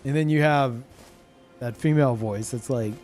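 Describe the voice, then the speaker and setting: A man streaming a game live, chatting casually to his viewers, excitable, swearing freely and laughing often. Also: medium pitch, normal speed, faint music behind. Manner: talks to chat. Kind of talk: casual live gameplay commentary.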